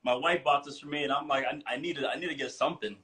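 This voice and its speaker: A man joins a live video chat as a guest, his voice sitting a little high. He talks in an upbeat, joking way, full of energy and quick asides. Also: steady tone, bright, forceful tone. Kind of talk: casual live-stream chat. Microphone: video call.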